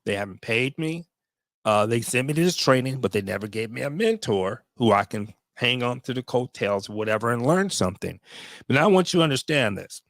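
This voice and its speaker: A man's voice: mid-range voice, animated, a little fast, fairly bright tone, no echo. A man in his fifties, a veteran vlogger, tells a story to his viewers in a blunt, profane way, with emotional asides.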